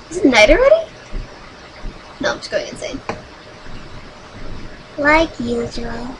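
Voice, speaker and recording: A woman hosting a solo game video, chatting dramatically with sudden high squeals. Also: sing-song, takes it slowly, pauses often, a bit bright, a little hiss or hum, low-quality recording. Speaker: gaming channel host.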